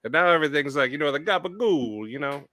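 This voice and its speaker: A man's voice: a little high, lively intonation, normal speed, sharp tone, no echo. A man co-hosting a casual livestream chat, easygoing and laid-back. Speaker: co-host.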